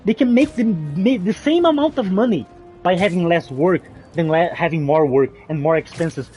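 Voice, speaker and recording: A man giving rambling, excitable gameplay commentary as a gaming channel host, often restarting his sentences. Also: sits high, moderate pace, soft background music.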